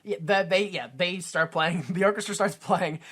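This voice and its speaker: A man's voice: high-pitched, fairly even intonation, moderate pace, fairly bright tone. A man co-hosting a comedy podcast, chatting casually, rambling and swearing, often slipping into silly voices for the characters he describes. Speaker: podcast co-host.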